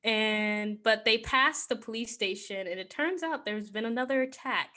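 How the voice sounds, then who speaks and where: Bright-voiced giggly woman recapping a movie. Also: fairly high pitch, moderate pace. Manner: chatty, giggly, heavy on "like". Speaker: podcast host. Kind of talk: casual movie plot recap.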